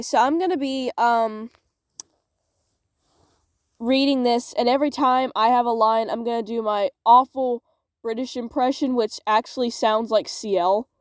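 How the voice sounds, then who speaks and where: A woman's voice: fairly high pitch, no room sound, clean studio sound. A young woman reading fan fiction aloud and joking about it, sarcastic and swearing, from inside a small closet. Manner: sarcastic, swears, laughs at herself. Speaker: fanfic reader vlogger. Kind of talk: casual reading aloud with commentary.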